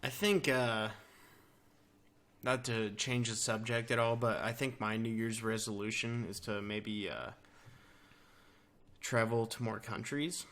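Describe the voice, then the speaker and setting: A man co-hosting a casual chat with his brother, easygoing and slow to get his words out, using lots of fillers. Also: on the low side, flat delivery, fairly bright tone. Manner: easygoing, hesitant with many fillers. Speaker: podcast co-host.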